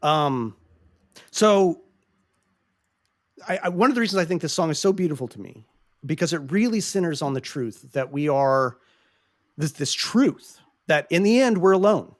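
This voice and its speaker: A man's voice: on the high side, expressive, normal speed, pauses often, no room sound, clean studio sound. A man hosting a podcast, talking earnestly and passionately, often restarting his sentences as he searches for words. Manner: earnest, passionate, frequent swearing. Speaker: podcast host. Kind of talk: casual podcast discussion.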